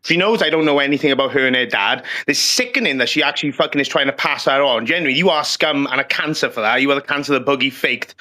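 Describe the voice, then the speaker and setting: A man's voice: medium pitch, sharp tone. A man with a German accent arguing heatedly and cursing in a live stream voice chat. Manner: fast, aggressive, cursing. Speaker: stream guest. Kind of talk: heated argument.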